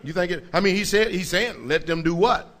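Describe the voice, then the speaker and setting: A pastor preaching with emphasis, his voice sitting slightly high for a man. He talks in plain colloquial speech and keeps asking the congregation whether they follow him. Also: brisk, a bit bright. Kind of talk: preaching sermon.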